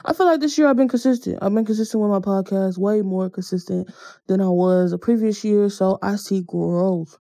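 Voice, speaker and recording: A woman's voice: mid-range voice, normal speed, mellow, no echo. A young woman hosting her own podcast, talking candidly and casually in a reflective monologue with slangy turns of phrase. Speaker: podcast host.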